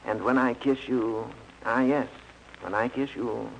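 A man imitating a suave, poetic screen lover in a 1940s radio comedy, crooning slowly. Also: mid-range voice, steady tone, vocal fry, lo-fi sound, very noisy. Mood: romantic crooning. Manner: plummy, drawn-out crooning.

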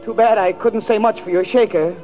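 A man's voice: high-pitched, steady tone, fairly quick, loud music behind the voice. A man performing a 1940s radio comedy monologue, declaiming in an overwrought mock-romantic way. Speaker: comedy show regular. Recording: tinny old radio broadcast. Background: orchestra and studio audience.

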